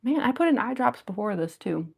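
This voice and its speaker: A woman's voice: on the high side, big pitch swings, a little fast, gravelly, husky. A woman chatting casually on a livestream, reading viewer comments aloud and giggling often. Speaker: cosplayer livestreamer.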